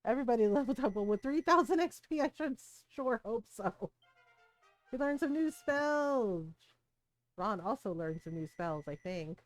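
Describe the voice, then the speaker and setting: A woman's voice: a little high, lively intonation, moderate pace, soft background music. A woman streaming a video game, with chatty, rambling commentary and frequent laughter. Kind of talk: casual live-stream commentary.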